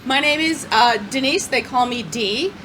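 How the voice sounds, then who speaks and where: A woman's voice: high-pitched, moderate pace, slight background noise. A woman from New Hampshire answering interview questions in a chatty, self-deprecating way.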